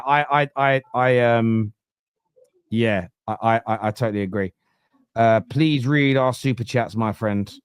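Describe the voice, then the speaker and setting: A man's voice: a little high, no echo, clean studio sound. A man hosting a casual football podcast, arguing his point emphatically and often restarting his sentences. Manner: argumentative, emphatic, frequent repeated restarts. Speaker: host.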